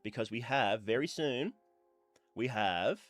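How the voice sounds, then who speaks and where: A man's voice: medium pitch, expressive, a little slow, no room sound, faint music behind. A man talking casually on his livestream, rambling with lots of fillers, a bit stuffy from blowing his nose. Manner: rambling, chatty, with many fillers. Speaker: streamer.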